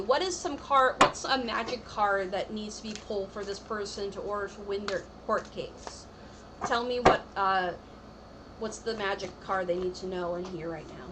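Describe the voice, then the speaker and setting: A woman's voice: fairly high pitch, background noise. A woman giving a live-streamed tarot reading in a chatty, reassuring way, full of "like" and "I feel like". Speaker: tarot reader.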